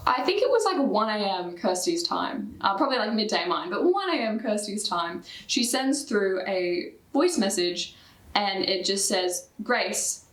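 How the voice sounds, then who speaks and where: A woman's voice: mid-range voice, a bit bright. Chatty Australian woman in an echoey room. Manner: chatty, fillers of "like", quick bursts. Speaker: book vlogger. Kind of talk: casual book review chat.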